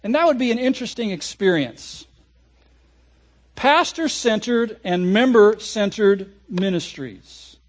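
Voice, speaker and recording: A man preaching a sermon as a pastor, telling a lively story and acting out people's reactions. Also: sits high, unhurried. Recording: audio recording of a sermon.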